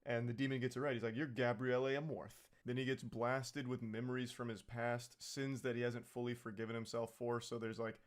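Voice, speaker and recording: A man of middle pitch recaps a film in a loose, comedic way. He rambles with lots of "like" and curses freely. His tone stays sarcastic and mocking throughout. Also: little pitch movement, brisk, few pauses. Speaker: movie recap commentator. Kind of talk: casual comedic movie recap.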